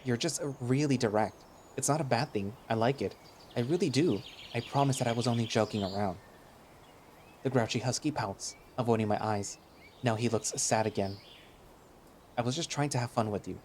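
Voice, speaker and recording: A man's voice: medium pitch, normal speed, a little mellow, a little hiss or hum. A man narrating a visual novel in the first person, in a casual, chatty way that turns hesitant in dialogue.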